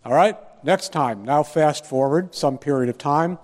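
A man teaching a Bible study lecture, deliberate and posing rhetorical questions to his listeners. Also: fairly high pitch, darkish tone, in a large hall.

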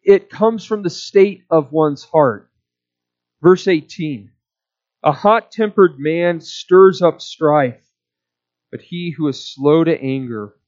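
Slow, deliberate male preacher. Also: high-pitched, darkish tone, muffled recording. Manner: measured teaching delivery, slow and deliberate. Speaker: pastor. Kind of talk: sermon.

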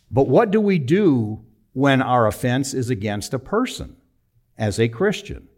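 A man in his sixties telling a personal story in a sermon, conversational and emphatic, with sudden drops to a low, quiet voice. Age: 60s. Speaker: preacher.

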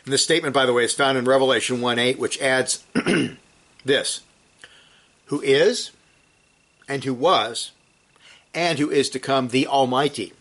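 A man preaching a sermon, teaching from scripture in an emphatic way that rises to forceful peaks and then drops low and quiet. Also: measured pace, long pauses.

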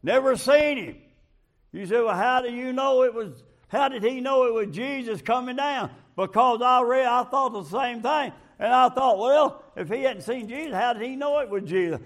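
A man preaching a sermon, leaning on a filler before each phrase and building up to shouting. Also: very high voice, normal speed.

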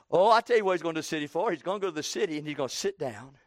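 A man in his sixties preaching a sermon, slowing down for emphasis and breaking into loud acted quotes. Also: a little high, animated, dry recording, studio quality.

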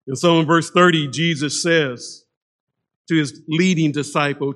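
High voiced preacher man, slow deliberate sermon, punches the key words. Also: fairly even intonation. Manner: emphatic, swings between loud stress and low hushed lines. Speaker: pastor.

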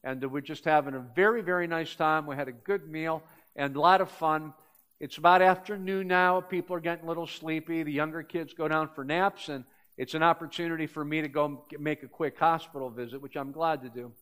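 An older male pastor delivers a sermon in a high, light voice. He tells everyday stories in an easy way, then presses his points with growing emphasis. He is speaking to a church congregation. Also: steady tone, a little fast, fairly bright tone. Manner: storytelling, building to emphatic points.

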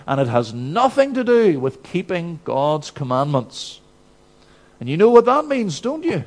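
A male preacher voicing the devil as a smooth tempter who coaxes listeners toward sin. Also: a little high, darkish tone, voice pushed up, heavily acted. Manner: mocking, wheedling persuasion. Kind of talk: sermon with acted quotes.

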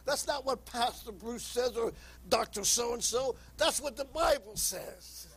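A man's voice: a little slow, slightly rough, rough recording. A man preaching a sermon with passion, reading scripture aloud and calling out to sinners. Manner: impassioned, rising to high shouts; reads scripture aloud in King James wording.

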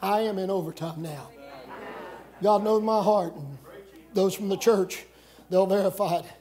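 High-voiced folksy preacher. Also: male voice, a little slow. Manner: folksy, joking, shouts at times. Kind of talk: camp meeting sermon. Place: church camp meeting with congregation.

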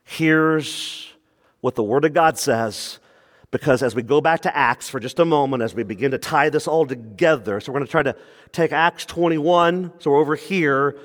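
This male pastor, speaking a little high and at a moderate pace, preaches expositorily, seeking answers from the congregation and repeating phrases to stress them. His delivery rises and falls between quiet asides and raised preaching, echoing with the long reverb of a big space.

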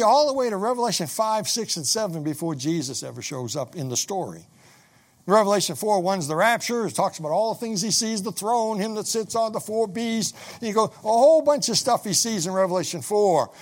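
Middle-aged male preacher, high and very expressive, sermon delivery with scripture reading. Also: a little fast. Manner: animated preaching, reads scripture aloud, repeats words.

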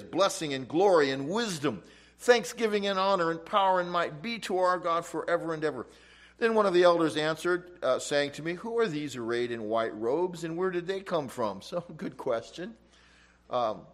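A man preaching an expository Bible teaching, reading verses aloud and explaining them emphatically. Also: mid-range voice. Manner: emphatic, rising loud on quoted scripture.

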